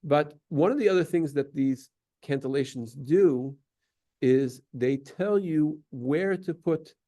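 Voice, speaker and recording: A man's voice: on the high side, takes it slowly, mellow. A man teaching a class, explaining at length with many fillers and restarts and taking questions.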